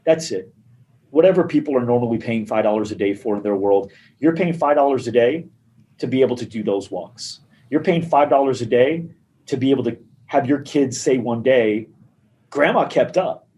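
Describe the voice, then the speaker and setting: A man with an ordinary mid-range voice tells a story in a loose, animated way. He slips into the voices of the people in the story as he goes. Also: medium pitch, moderate pace, a little hiss or hum, low-quality recording. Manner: animated storyteller acting out dialogue. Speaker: gym marketing guest. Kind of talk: casual storytelling interview.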